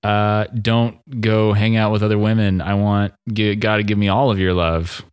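Wry chatty man, low voice. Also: little pitch movement, moderate pace, clean tone, no room sound, studio quality. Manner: chatty, laughs often, wry asides. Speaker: podcast co-host. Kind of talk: casual chat.

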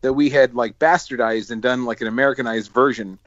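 A man co-hosting a casual podcast chat, telling stories in an animated way with frequent laughter. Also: medium pitch, brisk, no room sound. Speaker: podcast co-host. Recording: dry, dull lo-fi mic.

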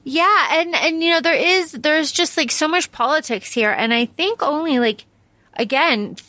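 A woman's voice: sits high, lively intonation, a little slow, sharp tone, dry recording. A woman co-hosting a podcast, chatting about a book in an easygoing, wry way, often repeating phrases. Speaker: podcast co-host. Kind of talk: casual book discussion.

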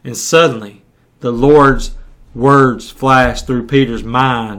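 A man's voice: mid-range voice, steady tone, takes it slowly, fairly bright tone. Conversational male preacher retelling scripture. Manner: conversational storytelling with repeated words. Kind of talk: sermon.

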